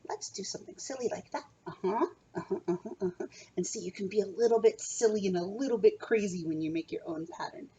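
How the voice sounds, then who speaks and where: A woman's voice: mid-range voice, animated, fast talker, creaky, few pauses, warm tone, lo-fi sound. A young woman teaching a remote kindergarten music lesson from home, coaxing small children with a sing-song manner.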